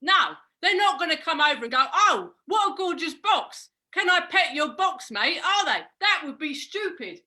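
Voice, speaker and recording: A woman's voice: very high-pitched, very animated, moderate pace, few pauses, pushed and bright, exaggerated voice. A woman playing a brash blind boxing coach. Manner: barks boxing patter and count-downs, calls everyone mate. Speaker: improv performer. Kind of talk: improvised comedy sketch.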